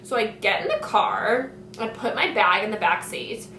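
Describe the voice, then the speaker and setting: Her voice is fairly high and a bit bright, swinging widely in pitch at a moderate pace as this young vlogger chats about her school days, full of "like" and "you know." The mic sits at a distance in an echoey room at home near a kitchen, with slight background noise.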